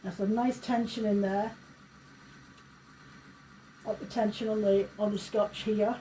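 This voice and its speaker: A woman's voice: medium pitch, flat delivery, measured pace, mellow, a little hiss or hum, poor audio. A woman running a craft demonstration, chatting through each step in a casual, self-deprecating way. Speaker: craft shop owner demonstrating.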